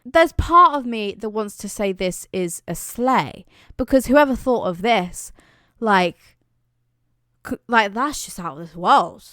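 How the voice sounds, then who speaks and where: A young British woman talks straight to camera in a chatty, dramatic way, piling on playful exaggeration. Her voice is smooth and clear, and the dry, close recording carries no room sound. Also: mid-range voice, lively intonation, unhurried, pushed and bright, no room sound. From Britain. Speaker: vlogger. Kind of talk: casual chat.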